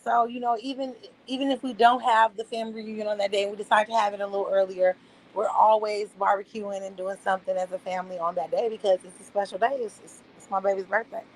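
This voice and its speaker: A woman in her thirties telling a story in a casual, animated way. She swears freely and calls the listener "girl". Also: medium pitch, quick pace, slight background noise, rough recording. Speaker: vlogger.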